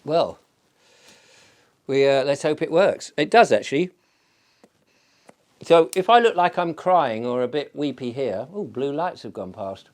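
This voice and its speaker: A man's voice: medium pitch, expressive, unhurried, pauses often. Chatty, rambling male vlogger. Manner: digressive storyteller, chatty with many fillers. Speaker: channel host. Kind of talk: casual rambling vlog chat.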